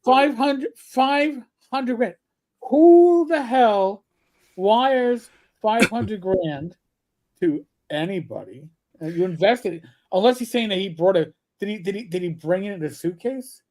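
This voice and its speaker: Fields: wry, skeptical man, mellow tone. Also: high voice, animated, slow. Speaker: ex-police officer and co-host. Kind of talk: casual livestream discussion.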